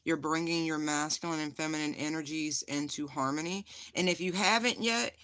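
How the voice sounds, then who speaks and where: Bright, forceful tarot reader talking straight to viewers. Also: mid-range voice, normal speed, no room sound. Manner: chatty and direct, many fillers, addresses viewers as honey; holding and showing a stone on camera. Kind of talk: casual spiritual card reading to viewers.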